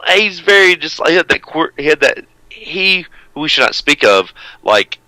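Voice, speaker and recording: A man's voice: fairly high pitch, normal speed, bright, forceful tone, no room sound, poor audio. A man co-hosting a wrestling radio show, talking in a brash, profane, rambling way. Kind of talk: casual uncensored radio banter.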